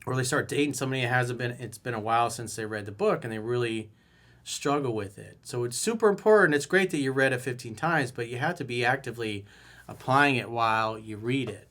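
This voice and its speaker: A man speaks as a dating coach in a relaxed, conversational way, leaning on key words for emphasis. His voice sits at an ordinary middle pitch. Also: a little fast. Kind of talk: solo coaching talk.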